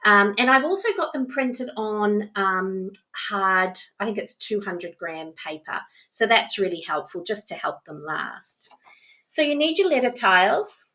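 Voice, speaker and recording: A woman's voice: mid-range voice, sharp tone. A woman with a New Zealand accent, a reading specialist patiently explaining to parents how to teach a child to write their name. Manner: encouraging, slow and patient, demonstrating with letter tiles. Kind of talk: instructional talk to parents.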